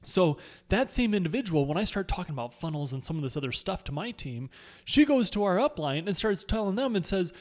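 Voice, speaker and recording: A man who leads a sales team, talking through advice in a casual, animated way and often repeating words while he searches for phrasing. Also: sits high, a little fast. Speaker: network marketing team leader.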